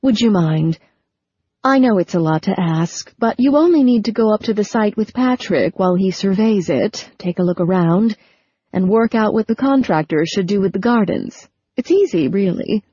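A woman voicing a busy, friendly woman who asks a favor in a warm, pleading way, in a storybook reading. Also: medium pitch, lively intonation, moderate pace, husky, dry recording. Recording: dull lo-fi recording.

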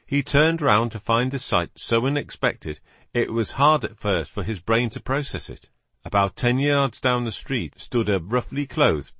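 Expressive low-voiced male narrator. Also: no echo. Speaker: audiobook narrator. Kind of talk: scripted narration.

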